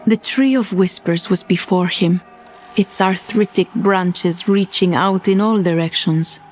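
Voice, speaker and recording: A woman reading a dark fantasy story in measured, dramatic scripted narration. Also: fairly low pitch. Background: faint music.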